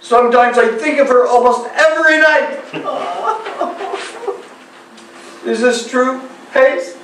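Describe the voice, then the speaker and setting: A man playing a melodramatic, lovesick Spanish gentleman with a Spanish accent in an amateur stage comedy, speaking theatrically. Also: very high voice, normal speed, slight background noise. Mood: mock-tragic. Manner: theatrical, lingering sighs and flirty asides. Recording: echoey hall, stage mic far off.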